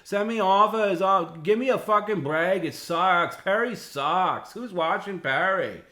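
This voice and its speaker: A man doing a furious yelling ranter. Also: measured pace, reverberant. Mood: ranting. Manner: shouting in a high strained voice. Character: furious ranting middle-aged man yelling at everyone.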